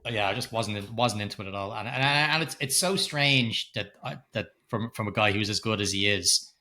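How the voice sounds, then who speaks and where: A middle-aged man co-hosting a podcast, giving blunt film opinions in a halting way, often stumbling and repeating words. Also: on the low side, pushed and bright. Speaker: podcast co-host. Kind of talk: casual film review chat.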